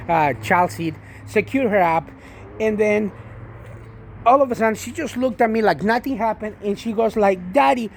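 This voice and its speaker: A man's voice: sits high, normal speed, slight background noise. A man and father telling a rambling spiritual story about his daughter, with many restarts and repeated endearments. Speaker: vlogger and father.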